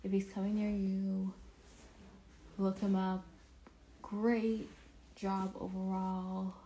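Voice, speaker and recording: A woman's voice: mid-range voice, warm tone, slight background noise, rough recording. A young woman vlogging casually, telling a self-deprecating story in a rambling, chatty way with many restarts.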